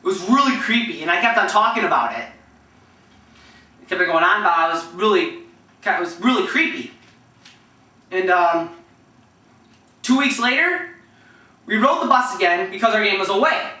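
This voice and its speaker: A young man rambles through stories about his team, chatty and full of restarts. His voice is bright and sharp. He sounds like he is in an echoey room, with the mic set some way off. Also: sits high, animated, normal speed, pauses often, recorded from a distance. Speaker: vlogger telling team stories. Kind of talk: casual storytelling with impressions.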